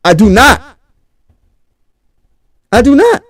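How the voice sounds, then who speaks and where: Philly-male sports streamer, hyped, pitched high, dry sound. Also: wildly swooping pitch, takes it slowly, a bit bright, dry recording. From Pennsylvania. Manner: hyped, talks straight to the chat. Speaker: sports talk host. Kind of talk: casual livestream sports talk.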